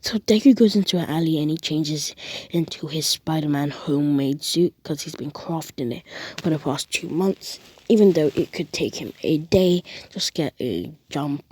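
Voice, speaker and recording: A young woman retelling a fan story casually, rambling and animated. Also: sits low, moderate pace, husky. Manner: rambling, animated, lots of restarts and acted quotes.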